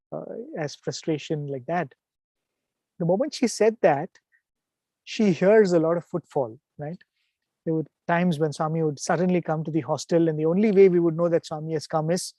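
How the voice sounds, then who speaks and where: A man tells devotional stories as a guest speaker. His voice is warm and mellow, recorded dry and close. He speaks in an animated way and keeps checking in with the audience. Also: fairly high pitch, dry recording. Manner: animated storyteller, asks "right?" to the audience. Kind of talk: devotional storytelling talk.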